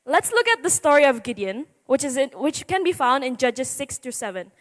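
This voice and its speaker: A seventeen-year-old girl preaches a youth sermon in the church sanctuary, her voice sitting high with a sing-song lilt at normal speed. Jittery and nervous, she giggles, jokes, and laughs at herself amid the hall's reverb.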